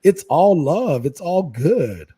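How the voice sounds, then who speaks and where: A man from Hawaii, a guest on a casual podcast chat, talking excitably and saying "man" constantly. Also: slow, breathy edge. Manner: excitable, says "man" constantly, jumps into high animated quoted voices. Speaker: guest, fish-keeping content creator.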